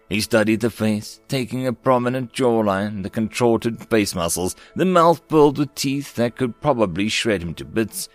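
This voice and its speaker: A man narrating science fiction stories in an expressive, varied storytelling manner. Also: medium pitch, dry recording.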